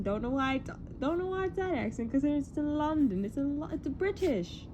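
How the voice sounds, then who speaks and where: Excitable young woman vlogger, lively high voice. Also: fairly quick, highs cut off, noisy background. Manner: excitable, rambling, self-deprecating, lots of "like". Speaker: movie news YouTuber. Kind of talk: casual vlog chat.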